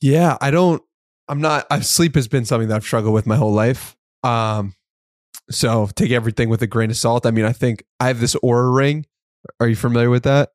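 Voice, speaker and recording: A man's voice: medium pitch, fairly even intonation, brisk, no room sound. Man, podcast host, casual chat, easygoing, laughs a lot, dry room.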